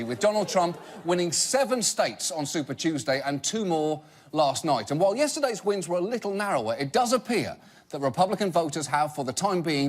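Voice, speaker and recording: A man hosting a show, delivering a sardonic scripted comedy monologue. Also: high voice. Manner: sardonic, rapid punchlines. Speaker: host. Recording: noisy studio broadcast.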